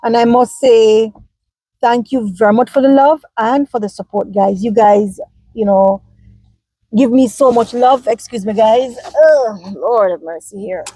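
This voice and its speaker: A woman's voice: on the high side, measured pace, dark tone, no room sound, low-quality recording. A woman from Jamaica with a Jamaican accent, talking casually and animatedly to her viewers as a vlogger, answering their comments.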